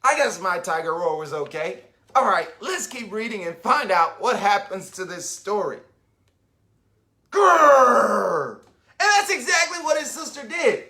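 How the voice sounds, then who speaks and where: A man reading a picture book aloud to young children in an animated way, stopping often to ask them questions and wonder about the pictures. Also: high voice. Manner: animated, asks the listener questions and pauses to wonder.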